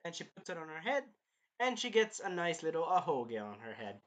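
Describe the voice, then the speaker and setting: Lively bright-voiced man rambling an anime recap. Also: a little high, fairly quick. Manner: rambling, animated, jokey. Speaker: anime reviewer. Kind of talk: casual episode recap.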